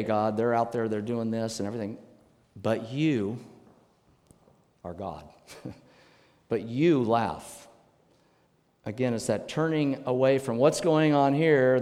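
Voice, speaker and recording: Male pastor, mid-pitched, animated preaching style, long hall reverb. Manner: emphatic, animated preaching with sudden loud bursts. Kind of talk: sermon.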